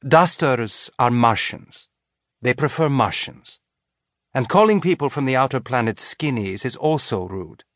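A man voicing a calm, gentle female chaplain in an audiobook, patient and teacherly. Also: medium pitch, a little slow, no room sound, clean studio sound, pitched above the performer's own voice, lightly acted.

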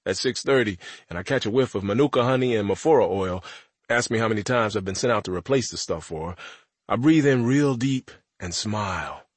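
A man's voice: lowish voice, a little fast, breathy edge, no echo. A man narrating an audiobook in the first person as a teenage boy, with a wry, conversational delivery.

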